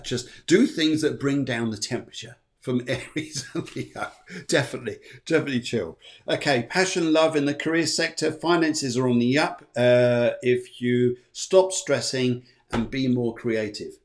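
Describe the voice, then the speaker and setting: A man's voice: medium pitch, normal speed, a little hiss or hum. A middle-aged man hosts a live astrology show. He talks casually, rambles, jokes and thanks his viewers. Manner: jokey, rambling, warm thanks to viewers, puts on silly voices. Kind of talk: chatty live-stream horoscope reading.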